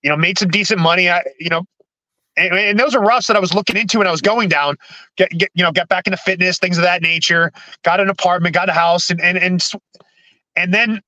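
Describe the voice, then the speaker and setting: A man with a high, sharp, bright voice shares his personal story as a podcast guest. He talks haltingly, often restarting and repeating words before pushing on. The sound is dry and close, with no room around it. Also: no echo, low-quality recording.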